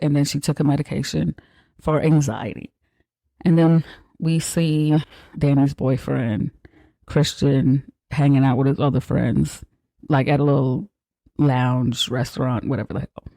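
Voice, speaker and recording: A man hosting a podcast, retelling a film in a casual, profane, animated way. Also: a little high, normal speed, vocal fry, no room sound. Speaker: podcast host. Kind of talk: casual movie recap.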